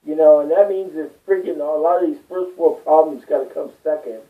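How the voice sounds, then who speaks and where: Heard through distant, tinny, phone-like audio, this vlogger talks a little fast in a fairly high voice. His rambling personal monologue is full of swearing, and he gets more worked up the longer he talks.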